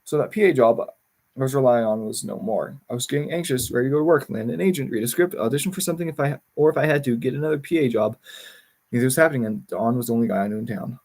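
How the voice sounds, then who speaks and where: A man's voice: mid-range voice, fast, darkish tone. A man reading a memoir aloud on a livestream, often stumbling over words and correcting himself.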